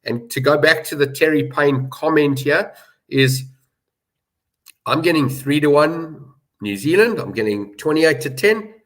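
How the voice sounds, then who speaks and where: Slightly high and fairly bright, the voice is animated yet measured in pace. It belongs to a middle-aged South African rugby betting pundit in a casual chat, who leans on stories and emphatic repetition.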